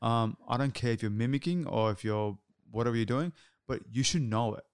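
A man's voice: medium pitch, brisk, clean tone, dry recording, clean studio sound. A man hosting a podcast, talking earnestly in a casual chat, repeating and restarting his words often. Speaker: podcast host.

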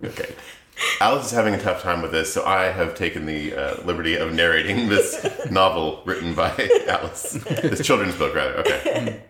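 A man co-hosting a podcast, joking and animated in casual chat, with an echo around him. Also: low-pitched, normal speed, a little hiss or hum. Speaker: podcast co-host. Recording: roomy echo.

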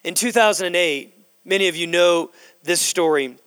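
High-voiced man preaching in a reverberant church. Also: clear, resonant tone. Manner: slows down to stress key words, building to loud emphasis. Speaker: pastor. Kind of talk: sermon. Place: church sanctuary. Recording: long hall reverb in a church.

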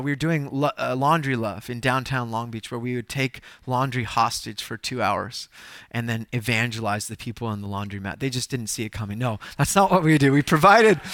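A male pastor telling stories in a sermon, animated and self-deprecating, with bursts of loud exclamation. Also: medium pitch, dry recording, clean studio sound. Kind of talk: sermon storytelling.

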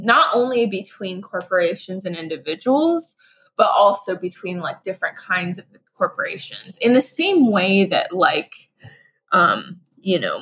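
A woman's voice: mid-range voice, fairly bright tone, rough recording. A woman talking casually on a podcast, chatty, with many filler words and restarts. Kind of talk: casual conversation.

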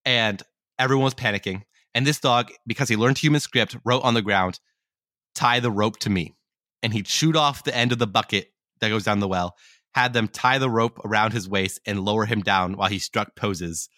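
Bright-voiced man telling a story. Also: on the low side, fairly quick, dry recording, clean studio sound. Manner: rambling, self-correcting. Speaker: podcast co-host. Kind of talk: casual storytelling.

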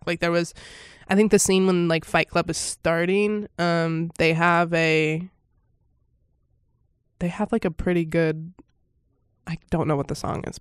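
A woman's voice: deep voice, steady tone, normal speed, smooth, no room sound, clean studio sound. A woman giving a casual first-reaction commentary on a film, rambling with lots of fillers and frequent laughter.

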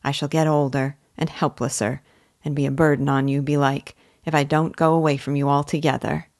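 A woman voicing an older male village weaver in a classic novel, speaking slowly in a subdued, careful way. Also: sits low, level tone, darkish tone, dry recording, clean studio sound. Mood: tender.

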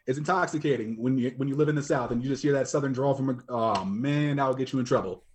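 A man's voice: medium pitch, quick pace, slight background noise. A man talking as a guest on a casual podcast, chatty and easygoing.

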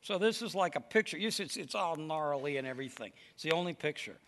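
A man preaching a lively, emphatic sermon to a congregation. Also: a little high, fast. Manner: lively storytelling, animated and emphatic.

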